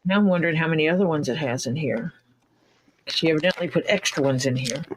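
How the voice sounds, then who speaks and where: A woman's voice: sits low, fast, slight background noise. A woman hosting a leatherworking livestream, chatting casually and rambling through stories with quoted back-and-forth. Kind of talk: casual chat.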